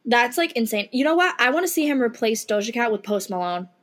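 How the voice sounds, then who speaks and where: Young woman, slightly high pitch, casual podcast chat, hiccuping, swears a lot. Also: lively intonation, fast, fairly bright tone. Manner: chatty, swears freely, reads posts aloud. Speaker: podcast co-host. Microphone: headphones with mic.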